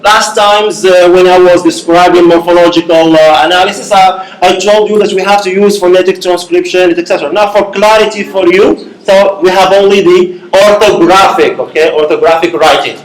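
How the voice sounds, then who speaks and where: A man's voice: high-pitched, fairly even intonation, moderate pace, hardly any pauses. A man giving a university linguistics lecture, explaining step by step and checking in with the class with frequent "okay?" and "right?". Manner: explains step by step with many okays and rhetorical checks. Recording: echoey classroom.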